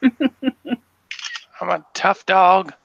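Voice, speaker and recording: A woman voicing a rowdy male dog tugging a rope, slow and growly. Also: mid-range voice, highs cut off, a little hiss or hum. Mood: playful growl. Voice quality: gravelly growl.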